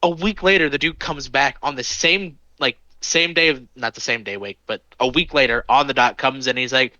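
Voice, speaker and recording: A man in his early twenties, a podcast co-host, telling anecdotes in animated, swear-heavy casual chat. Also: medium pitch, moderate pace, few pauses, dry recording, lo-fi sound. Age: 20s. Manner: animated storytelling, lots of swearing.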